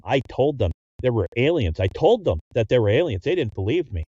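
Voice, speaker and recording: Halting game master man, mellow lo-fi sound. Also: medium pitch, sing-song, slightly rough, no echo. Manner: halting, full of restarts and fillers. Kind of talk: narrating a tabletop game.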